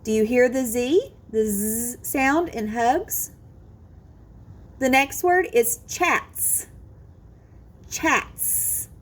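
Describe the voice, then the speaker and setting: A woman teaching a phonics lesson to children, slowly modelling each word sound and encouraging the listener. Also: fairly high pitch.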